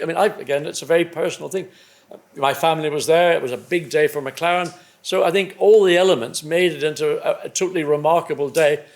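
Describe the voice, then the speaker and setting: An older man in his seventies speaks as the guest of an evening conversation, recalling his racing days. He talks in a slightly higher register, reflective and measured, often circling back to restart a thought. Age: 70s. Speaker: guest, former racing driver. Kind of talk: after-dinner conversation on stage. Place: club evening event indoors.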